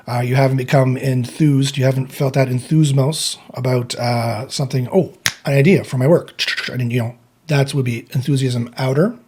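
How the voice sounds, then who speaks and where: Male meditation teacher, dark and mellow tone with a husky edge, rambling unscripted explanation. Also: medium pitch. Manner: rambling, restarts, acts out inner self-talk.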